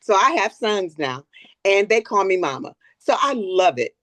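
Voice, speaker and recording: A woman's voice: medium pitch, very animated, normal speed, fairly bright tone, no echo. An older woman talking openly as a guest in a personal conversation, earnest and reflective, often repeating words as she gathers her thoughts.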